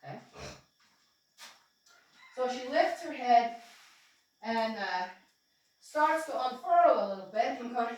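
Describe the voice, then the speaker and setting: A woman telling her own story in a casual, rambling way, full of fillers, soft laughs and asides to herself. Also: fairly high pitch, animated, slow, long pauses. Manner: talks to herself aloud. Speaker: spiritual storyteller. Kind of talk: casual spoken memoir narration. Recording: very echoey room, distant mic, faint hiss.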